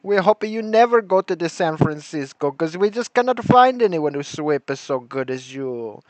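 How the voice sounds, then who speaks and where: A man's voice: fairly high pitch, expressive, normal speed, no echo, natural voice, low-quality recording. A man doing a jokey exaggerated mock-Italian voice of a station sweeper on a livestream. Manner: exaggerated, playful parody.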